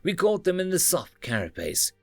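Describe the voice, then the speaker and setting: A dutiful male sensor tech rattles off crisp damage reports, as a male narrator puts him on. The voice is lifted above the narration and lively in its rise and fall. The sound is dry, with faint music behind it. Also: sits high, normal speed, no echo, voice pushed up, full character voice.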